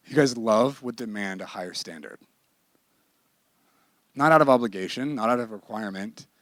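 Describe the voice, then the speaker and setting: A man with a voice on the low side teaches a ministry class in a conversational sermon style, candid and emphatic, with bursts of laughter. There is no echo in the recording.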